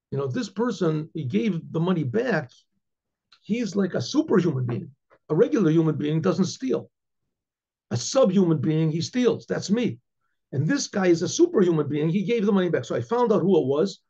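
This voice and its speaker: A rabbi tells a story, rambling along with restarts and throat clearing. His voice is gravelly and husky, fairly high for a man. The recording sounds dull and lo-fi. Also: warm tone. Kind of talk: storytelling lecture.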